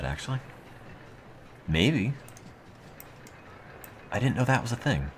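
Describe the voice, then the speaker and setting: A man streaming casually, reading aloud with a dry, deadpan, self-mocking monotone. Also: medium pitch, a little fast, pauses often, slight background noise. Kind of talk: casual live-stream chat.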